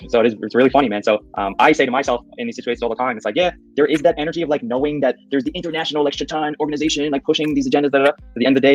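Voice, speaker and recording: A man's voice: mid-range voice, racing, soft background music, low-quality recording. A man on an online podcast panel, rambling casually with lots of fillers. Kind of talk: casual call-in panel talk.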